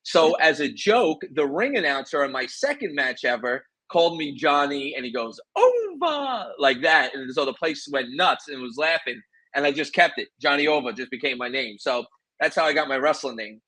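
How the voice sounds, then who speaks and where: A man swapping wrestling stories with lively, boastful energy. He sounds dry and close to the mic, with a voice of middling pitch. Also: normal speed, dry recording, poor audio. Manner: animated, boastful storyteller. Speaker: guest, former pro wrestler. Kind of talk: casual interview storytelling.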